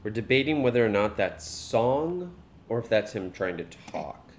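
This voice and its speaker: Young guy on a live stream, kinda low voice, goofy dad jokes and baby talk. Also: sing-song, moderate pace. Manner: joking, chatty, coos at his baby. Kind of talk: casual live stream chat.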